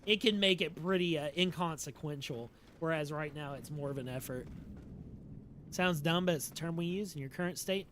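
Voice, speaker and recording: A man's voice: on the high side, normal speed, noisy background. A young man with a Southern US drawl casually chatting and joking while streaming a game, talking back to chat. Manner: slurred drawl.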